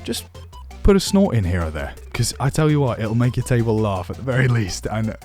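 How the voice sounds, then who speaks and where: A man's voice: medium pitch, sing-song, a little fast, darkish tone, soft background music. A man teaching voice acting for tabletop games, chatty and self-deprecating. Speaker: dungeon master teaching voice acting. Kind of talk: casual tutorial.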